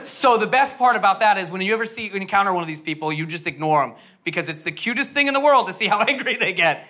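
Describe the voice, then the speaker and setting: A man's voice: high voice, expressive, quick pace, bright, forceful tone. A young man from the US East Coast doing stand-up comedy, rambling and self-mocking with lots of fillers and tag questions.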